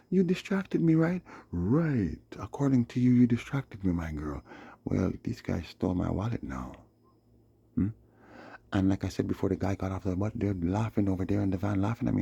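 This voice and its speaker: Raspy low-voiced man ranting to camera. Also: dry recording. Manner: animated storytelling, acts out quotes, jumps between loud and hushed. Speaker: vlogger. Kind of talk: rambling monologue to camera.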